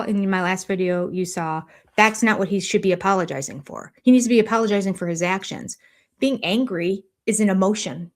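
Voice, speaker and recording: An older woman giving deliberate, analytical commentary as a host, with a dryly sarcastic edge. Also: mid-range voice, a little mellow.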